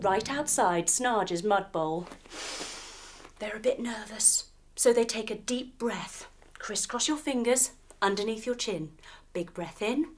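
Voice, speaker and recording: Animated woman telling a kids' yoga story. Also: medium pitch, a little hiss or hum. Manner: animated, with sound effects and instructions. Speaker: teacher.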